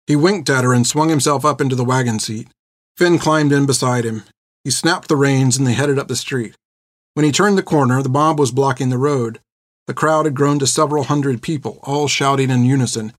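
A man narrates a story in a steady, measured voice at an ordinary middle pitch. He is recorded on a close studio mic. The sound is dry, with no room around it. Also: no room sound. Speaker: audiobook narrator. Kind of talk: scripted narration.

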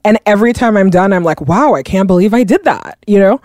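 A woman chatting casually with a friend, her stories lively and full of playful voiced asides. Her pitch sits in the middle range. The sound is dry and close, with no room echo. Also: fast. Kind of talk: casual chat.

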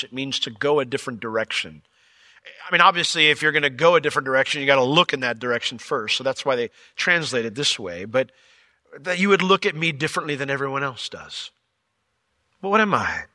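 Lively pastor preaching with playful asides. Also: male voice, mid-range voice, fast, no room sound, studio quality. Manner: animated storytelling with playful asides. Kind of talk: sermon.

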